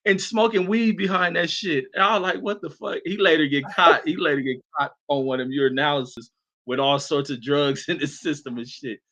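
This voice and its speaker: A man telling old army stories in casual chat, profane and animated, often laughing. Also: fairly high pitch, lo-fi sound.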